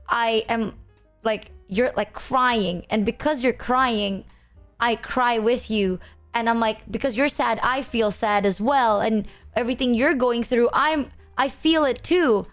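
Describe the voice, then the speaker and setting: A woman's voice: on the high side, a little slow, soft background music. A woman streamer in casual chat, blunt and questioning, swearing casually.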